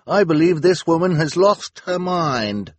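A young boy pretends to be a doctor with formal, earnest certainty, his voice lifted high and loud. A man voices him in a storybook reading, husky and dry. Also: animated, measured pace, dry recording.

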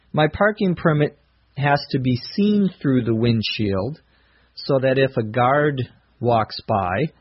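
Middle-aged male English teacher, husky voice, unhurried careful delivery. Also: medium pitch. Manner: slow, careful explanation of vocabulary. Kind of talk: slow scripted language lesson. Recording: dull lo-fi recording.

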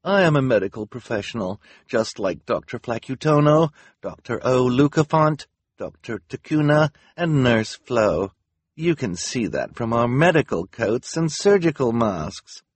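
A man's voice: medium pitch, animated, measured pace, breathy edge, no echo, pitched above the performer's own voice. A man voicing a haughty, scheming villainess who snarls and talks impatiently, as an audiobook reader.

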